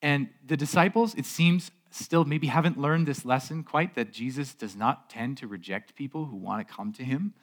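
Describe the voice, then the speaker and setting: A man preaching a sermon as a pastor in a relaxed, conversational way. He often repeats a word as he goes and asks the congregation rhetorical questions. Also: medium pitch, moderate pace, few pauses. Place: church stage.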